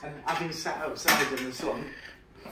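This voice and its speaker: A man's voice: a little high, steady tone, normal speed, reverberant, far from the mic, very noisy. A man, tired and grumbling while decorating a bare room. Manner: weary, grumbling, moaning. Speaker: partner decorating the house. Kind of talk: casual chat.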